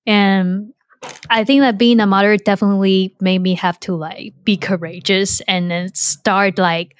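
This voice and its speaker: A woman's voice: mid-range voice, little pitch movement, unhurried, clean tone, no echo, studio quality. A woman whose first language is Chinese, hosting a podcast in a casual, candid, self-deprecating way with many fillers and restarts. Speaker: podcast host.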